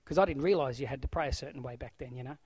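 A middle-aged man preaching a sermon, swinging from loud exclamations to hushed, almost whispered lines. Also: medium pitch, very fast, slightly rough, dry recording. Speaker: pastor. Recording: dull, dry lo-fi sound.

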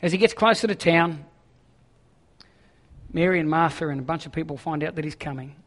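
Male pastor, sermon, high-pitched voice, long reverb from a large hall, moves between reading scripture and pressing paraphrase. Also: fairly quick, a bit bright. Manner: reads scripture aloud, then paraphrases it in an urgent, conversational voice.

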